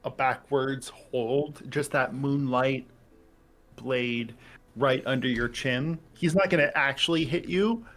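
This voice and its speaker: A man playing in a tabletop game over a call, describing his character's actions. He speaks slowly, pausing and hunting for words. His voice sits at a middle pitch. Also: a bit bright. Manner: slow, halting, pauses to find words. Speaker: player. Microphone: online call microphone.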